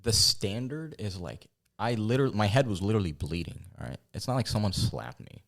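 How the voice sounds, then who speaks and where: Man, podcast host, very deep voice, casual storytelling, acts out quotes. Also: sing-song, fairly quick, creaky, a bit bright. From Palestinian. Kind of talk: casual chat.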